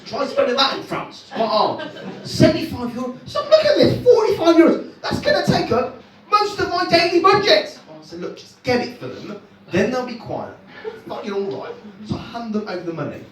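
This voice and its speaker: A man performing stand-up, telling stories in an exasperated, swearing manner with sudden jumps in pitch. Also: fairly bright tone. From England. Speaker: stand-up comedian. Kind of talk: stand-up routine. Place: comedy club stage. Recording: echoey club, distant mic, audience laughing.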